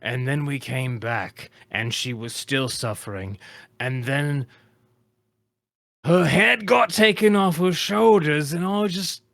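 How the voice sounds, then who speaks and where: A man as a worn-down male adventurer, grieving and halting, words breaking off mid-thought. The voice is bright and slow, recorded dry and close. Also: mid-range voice, no room sound, pitched above the performer's own voice. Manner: halting, stammering, choked up.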